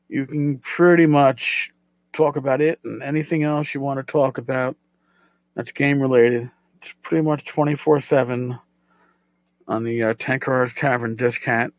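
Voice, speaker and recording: A man's voice: medium pitch, no room sound, poor audio. A middle-aged man hosting a casual solo podcast, rambling and self-deprecating, repeating his words as he goes. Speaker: podcast host.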